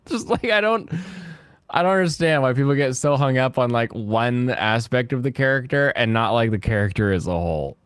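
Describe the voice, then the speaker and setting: A man's voice: mid-range voice, moderate pace, clean tone, no room sound. A man streaming a game who chats, rants and laughs often, speaking into a close desk mic. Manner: animated, ranting, laughs often. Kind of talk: casual gaming stream chat.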